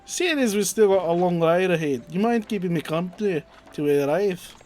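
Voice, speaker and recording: Old peddler, man doing a shaky Scottish accent, folksy, high-ish voice. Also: expressive, moderate pace, darkish tone, faint music behind. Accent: put-on Scottish, wavering. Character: chatty old male traveling peddler. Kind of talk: reading game dialogue aloud.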